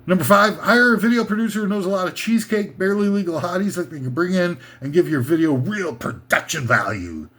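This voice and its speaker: A man with a rather high voice runs a rambling, sarcastic comedy rant as the host of a list show. He leans heavily on fillers, wandering mid-thought before landing on a dry punchline. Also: fast, few pauses, fairly bright tone.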